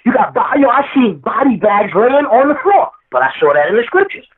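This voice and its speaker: Very animated and brisk, a rapper guest with an extremely high-pitched voice delivers heated interview talk. He sermonizes, quotes scripture, and drives his points home by repeating them, heard over a distant phone line with echo.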